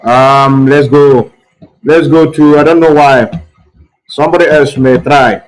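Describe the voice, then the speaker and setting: A man hosts a live online talk show, repeating himself and fussing over technical trouble as he tries to reach callers. His voice is fairly high with a steady tone and slightly slow pace, and the recording quality is low.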